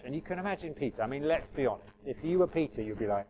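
Male preacher, medium pitch, casual talky sermon, wry and self-correcting. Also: lively intonation, racing, dull audio. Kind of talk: informal sermon with audience interaction.

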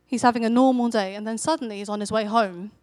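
A woman talks fast in a slightly high voice while preaching a sermon, telling it like a conversational story and livening up as she performs the quotes. The recording is dry.

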